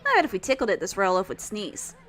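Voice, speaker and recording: A woman's voice: mid-range voice, wildly swooping pitch, fast talker, fairly bright tone. A woman reading game dialogue aloud for a tiny, brash male sidekick who talks in a cocky, teasing way.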